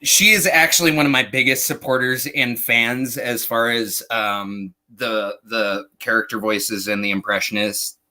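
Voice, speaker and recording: Male vlog host, bright forceful voice, rambling casual delivery with lots of restarts. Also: mid-range voice, steady tone, measured pace, few pauses. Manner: rambling, laughing, frequent fillers and restarts. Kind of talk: casual chat.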